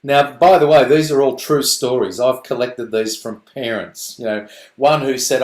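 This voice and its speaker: A man presenting to parents on a video call, animated and playful, slipping into quick voices to act out parents and children. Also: mid-range voice, reverberant.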